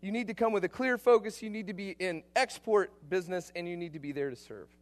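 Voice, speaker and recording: A man preaching a sermon as a missionary, emphatic and energetic, swinging between loud bursts and quiet asides. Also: high-pitched, quick pace.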